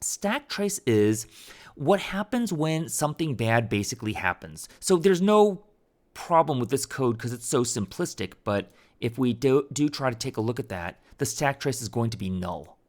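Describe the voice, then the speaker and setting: A man's voice: mid-range voice, very animated, normal speed, a little mellow. A man teaching a programming tutorial over a screen recording, talking casually and thinking aloud with fillers and restarts.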